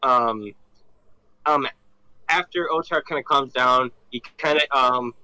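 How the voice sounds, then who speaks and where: A man's voice: medium pitch, slow pace, pushed and bright, smooth, dry recording, rough recording. A man playing in a tabletop role-playing game, talking hesitantly with many ums. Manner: hesitant, lots of ums and kindas. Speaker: player. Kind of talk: casual tabletop role-play.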